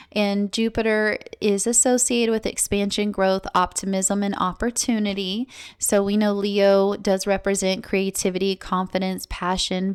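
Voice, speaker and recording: A woman's voice: medium pitch, a little mellow, clean tone. A woman reading tarot in a casual, chatty and emotional way, giving a spiritual talk indoors. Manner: chatty, emotional, laughs often. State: tearful. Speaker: tarot reader.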